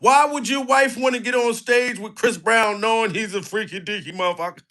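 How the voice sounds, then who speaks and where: A man giving mocking, animated comic commentary on a clip and pushing viewers to like the video. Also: high-pitched, fairly quick. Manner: animated, mocking, begs for likes. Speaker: commentary vlogger.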